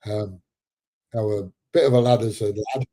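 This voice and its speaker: Husky, dark-voiced man of seventy. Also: lowish voice, steady tone, moderate pace, no room sound. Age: 70s. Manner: chatty and joking, laughs often, drops into slang. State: a bit congested. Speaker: live streamer. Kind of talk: casual live-stream chat reading viewer comments.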